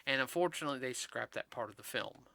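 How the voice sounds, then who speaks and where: A man's voice: mid-range voice, lively intonation, fast, creaky, sharp tone, no room sound. A man hosting a podcast, chatting casually about films in a rambling way, full of fillers and restarts, and teasing his co-host.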